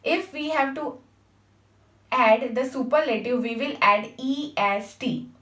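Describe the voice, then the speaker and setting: An English teacher gives a grammar lesson, patiently spelling out letters and checking in with her class. Her voice is high, slow and a bit bright, recorded from a distance in an echoey room.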